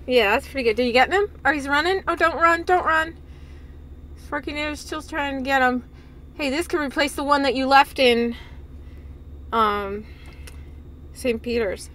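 A woman vlogging casually who gushes with excitement and laughs often. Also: sits high, moderate pace, long pauses. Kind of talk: casual excited vlog chat.

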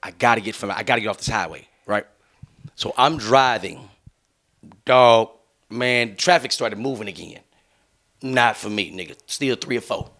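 A man's voice: lowish voice, normal speed, pauses often, sharp tone. A young adult man hosting a podcast. He tells a long story in loose, profane, laughing chat and acts out the other people's lines. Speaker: podcast host.

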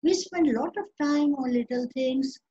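A woman giving a spiritual class, telling stories slowly and gently with quoted dialogue. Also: high-pitched. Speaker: spiritual teacher. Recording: dull lo-fi recording.

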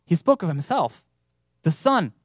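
A man preaching a sermon in church, earnest, with emphatic rises and slow stressed words. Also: a little high, very animated, dry recording, studio quality.

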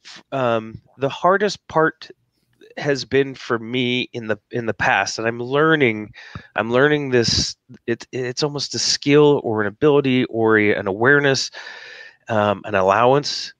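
A man hosting an interview, emotional and near tears, reflecting haltingly with many fillers. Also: medium pitch, a bit bright, clean tone, dry recording. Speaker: host. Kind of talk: casual interview chat.

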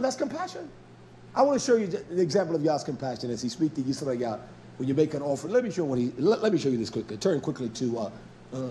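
A man preaching a fiery, scolding sermon, dropping to low mutters and then climbing to loud, pressing exhortation. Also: slight background noise. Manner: blunt, scolding, with mild cursing.

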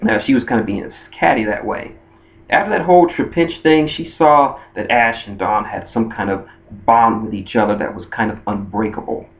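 A man's voice: on the low side, moderate pace. A man talking casually about a cartoon ship in a rambling way, often restarting his sentences. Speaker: anime fan video host. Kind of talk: casual fan monologue. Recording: dull lo-fi recording.

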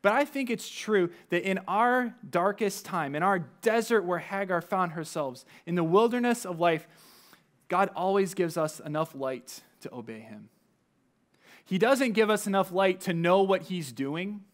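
A man's voice: sits high, animated, unhurried. A man preaching a sermon, talking to the congregation in a conversational way with asides. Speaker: pastor.

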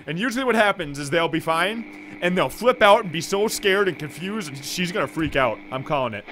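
Young guy playing a horror game, high bright voice, super lively, jumpy. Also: fairly quick, slight background noise. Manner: excitable, jumpy, shouting at scares. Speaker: let's play gamer. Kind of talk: horror game commentary, reading dialogue aloud.

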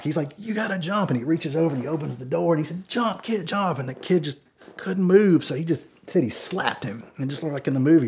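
A man's voice: a little high, warm tone, a little hiss or hum. A man telling a long story in a casual, rambling way, often saying "you know".

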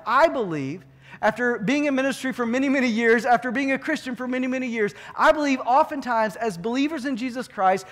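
A pastor delivers his sermon in a strikingly high male voice. He talks conversationally, telling stories and checking in with "right?" asides. His voice rings out with the long reverb of a church hall. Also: fairly bright tone. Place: church sanctuary.

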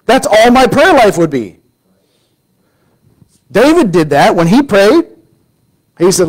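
A man preaching a Sunday sermon, telling a story with lively acted-out quotes and sudden drops to a hushed voice. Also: high-pitched, takes it slowly, pauses often, low-quality recording. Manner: animated storytelling, acting out quoted voices, drops to a near-whisper for emphasis.

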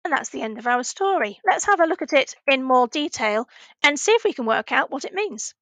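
A woman teaching a recorded language lesson to children, patiently asking questions and pausing for answers. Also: sits high, animated, a bit bright, no echo. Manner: slow, patient, asks questions and pauses for answers.

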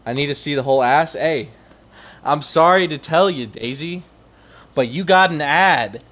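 A man live-streaming a game, excitable and out of breath, talking to his chat. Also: fairly high pitch, normal speed, lo-fi sound. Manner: animated, excitable, laughing often, talking to chat.

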